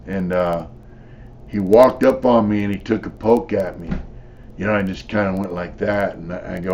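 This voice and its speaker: A man's voice: sits low, steady tone, moderate pace, darkish tone, a little hiss or hum. An older man, a former prisoner, telling his stories in a blunt, profane, rambling way with lots of "you know.". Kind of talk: casual storytelling.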